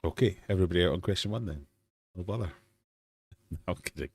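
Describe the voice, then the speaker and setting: A man's voice: deep voice, quick pace, slightly rough, no echo. A Scottish man in his forties hosting a casual livestream quiz, bantering with chat in a jokey, self-deprecating way. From Scotland. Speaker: livestream host. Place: home fish room.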